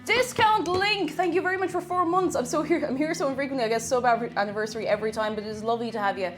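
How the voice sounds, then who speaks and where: A woman's voice: high voice, fast talker. A young Irish woman chatting casually with viewers, reading chat aloud and thanking them as she bakes. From Ireland. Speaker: streamer. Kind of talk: casual live-stream chat while baking. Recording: faint music behind the voice. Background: faint background music.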